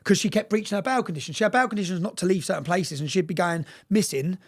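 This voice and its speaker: A man telling a story fast and bluntly in a casual interview, swearing freely and often checking in with "yeah?". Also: sits high.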